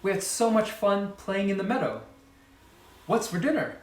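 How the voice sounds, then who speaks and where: A man voicing a young frog boy, cheerful and eager, in a high excited child voice. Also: normal speed, echoey room, distant mic.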